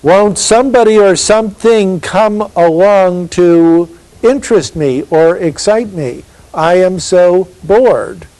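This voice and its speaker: A man's voice: high voice, takes it slowly, mellow, voice pushed up, low-quality recording. A male lecturer briefly putting on the voice of a bored, neurotic, self-centered affluent woman, drawn out and whiny. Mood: bored whining.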